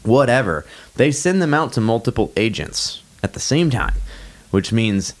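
A man's voice: medium pitch, sing-song, moderate pace. A man co-hosting a podcast, explaining a sales point in casual chat and asking rhetorical questions. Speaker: podcast co-host.

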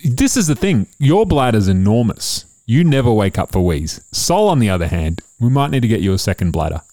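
A man's voice: mid-range voice, big pitch swings, a little fast, dark tone, dry recording, studio quality. A man, a father hosting a casual family podcast and joking with his kids. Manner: playful, teasing, jokey.

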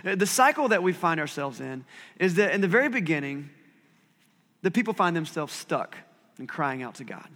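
A man's voice: sits high, a bit bright, long reverb tail. A man preaching a sermon as pastor, talking conversationally with self-deprecating asides.

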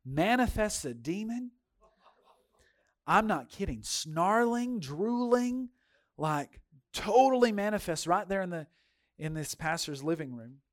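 A male pastor preaching a sermon in a folksy, animated storytelling style, speaking straight to his congregation and swinging from loud to hushed. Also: a little high, unhurried, pauses often. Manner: folksy, addresses congregation directly.

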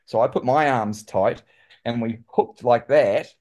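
A man with a New Zealand accent, a guest telling lively stories in casual conversation and saying "mate" often. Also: medium pitch, a little slow. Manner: animated, says "mate" often. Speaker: guest, former pro cyclist. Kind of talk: casual storytelling.

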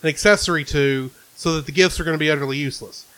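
A man's voice: on the high side, fast talker. Wry man co-hosting a casual review. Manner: wry, animated storytelling. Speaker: podcast co-host.

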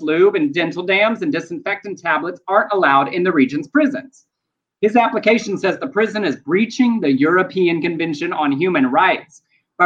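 A man co-hosting a podcast, chatting about the news in a campy, playful way with quick asides. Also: a little high, a bit bright. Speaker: podcast co-host. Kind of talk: casual news chat. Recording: dull lo-fi sound.

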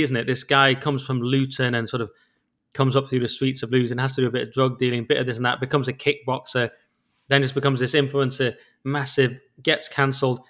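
A man with a mid-range voice co-hosts a podcast in casual conversation. He's quick, animated, and opinionated, and he often restarts his sentences.

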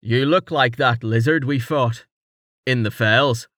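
A man's voice: mid-range voice, slow, fairly bright tone, dry recording, clean studio sound. A man voicing a stern male warrior who speaks bluntly.

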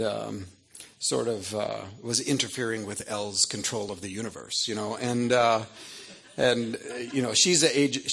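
A middle-aged man with a gravelly, somewhat husky voice, telling funny family stories to a live audience. He talks in a loose, rambling way and keeps drifting into wry asides that amuse him. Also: mid-range voice, fairly bright tone. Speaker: author speaking to an audience. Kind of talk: humorous storytelling talk.

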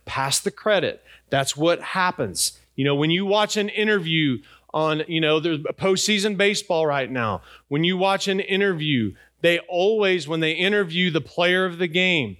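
Middle-aged guy pastor preaching, kinda high voice, chatty, keeps asking the crowd stuff. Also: fairly bright tone. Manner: conversational preacher, rhetorical questions to the congregation. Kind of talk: sermon.

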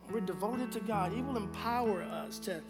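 A pastor with a strikingly high voice delivers his sermon, calling on the congregation to answer back. His delivery moves from quiet, slow emphasis to loud declarations. A faint bed of music sits under his voice. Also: animated. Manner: preaching with call-and-response to the congregation; swings from hushed to loud with slow emphatic phrases.

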